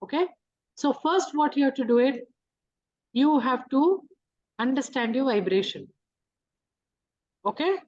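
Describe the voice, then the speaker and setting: Woman, spiritual teacher, higher voice, explanatory talk with rhetorical questions, dull lo-fi audio. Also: animated, unhurried, pauses often, a little mellow. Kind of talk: teaching talk on emotions and manifestation. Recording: dull lo-fi recording.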